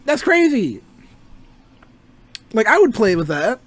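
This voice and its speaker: A man's voice: sits high, very animated, slow pace, no room sound. A young man and game designer ranting casually about video games, rambling, swearing freely and laughing often. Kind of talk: casual gaming rant.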